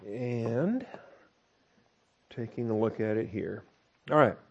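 A man's voice: mid-range voice, lively intonation, slow pace, darkish tone, slightly rough, highs cut off. Man preaching, repeating key points. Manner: explanatory, repeats key points, frequent checking "all right?". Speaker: pastor teaching scripture. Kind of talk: expository sermon on Greek grammar.

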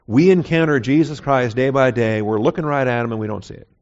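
Male pastor, mid-pitched, talky expository sermon full of rhetorical questions; slightly lo-fi recording. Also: brisk. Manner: conversational, asks rhetorical questions, frequent "okay?" check-ins. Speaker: pastor teaching a Bible study. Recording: slightly muffled, dull recording.

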